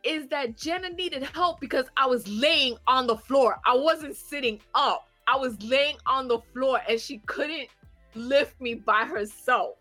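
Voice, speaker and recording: A woman in her thirties telling a rowdy story in casual chat, animated and swearing, laughing as she goes. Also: high voice, unhurried, soft background music.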